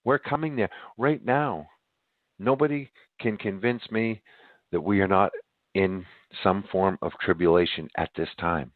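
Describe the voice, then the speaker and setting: A man's voice: low voice, unhurried, dry recording, phone-quality sound. A man hosting a podcast, preaching emphatically to his listeners and sounding winded. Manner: emphatic, addresses listeners as ladies and gentlemen. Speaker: podcast host. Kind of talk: preaching monologue.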